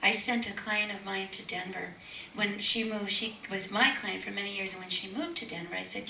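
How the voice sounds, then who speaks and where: A woman giving an inspirational talk, telling a story with emphatic repetition and sudden hushed passages. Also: medium pitch, moderate pace, creaky. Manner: emphatic, repeats key words, drops to hushed tones. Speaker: spiritual speaker. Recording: echoey room, distant mic, faint noise.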